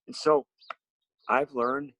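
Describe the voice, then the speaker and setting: A man teaching a music lesson to his students from home, explaining slowly and simply and asking them questions. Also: mid-range voice, no echo. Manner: slow, simple explanations with lively questions to children. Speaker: special education music teacher.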